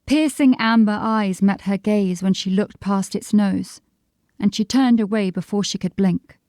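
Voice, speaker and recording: A woman narrating a fantasy audiobook in a measured, descriptive storytelling manner. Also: mid-range voice, a little mellow, no echo, clean studio sound. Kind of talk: scripted narration.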